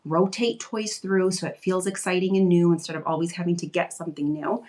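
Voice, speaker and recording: A woman's voice: lowish voice, little pitch movement, a little fast, a little mellow. A woman giving parenting advice in a casual live question-and-answer stream, conversational and reassuring, with lots of "like". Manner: conversational, reassuring, frequent "like" fillers. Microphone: live video stream.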